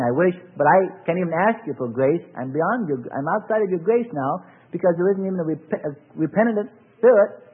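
Husky preacher man on a tinny recording. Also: high voice, expressive, fairly quick, hardly any pauses. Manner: rising and falling preaching cadence, repeated rhetorical questions. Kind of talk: sermon. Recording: tinny phone-like old recording.

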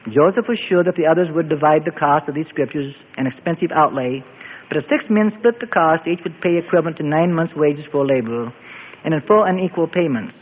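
A man narrating a story in a steady, descriptive way, on a tinny, echoey recording with faint hiss. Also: on the high side, a little fast.

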